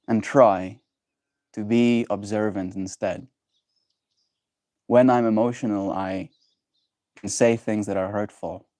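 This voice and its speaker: Guy on a livestream talking slow and gentle, low mellow voice, dry sound. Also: no room sound. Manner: gentle, musing, thoughtful pauses. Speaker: livestream host. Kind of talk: reflective livestream chat.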